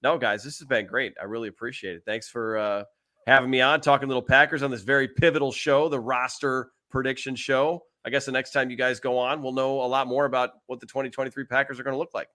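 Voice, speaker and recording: A quick-talking podcast guest with a bright, forceful voice. He chats casually and rattles through plugs and thanks at speed. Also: mid-range voice, fairly even intonation. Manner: fast, upbeat promoter.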